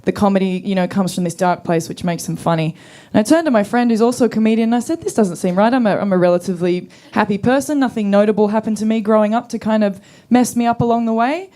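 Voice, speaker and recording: A young woman performing a stand-up comedy set, telling stories in a deadpan, sarcastic way and acting out the quotes. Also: mid-range voice, fast, few pauses.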